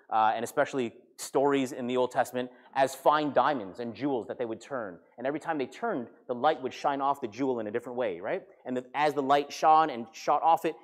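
A man preaching a sermon with lively, animated storytelling. His voice sits a little on the high side, and he slips in and out of acting out the people in his story. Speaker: pastor.

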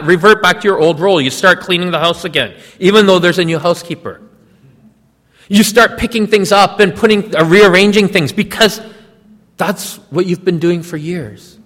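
High-voiced man preaching in a reverberant hall. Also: fairly bright tone. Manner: storytelling, addresses listeners directly. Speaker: pastor. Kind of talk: sermon.

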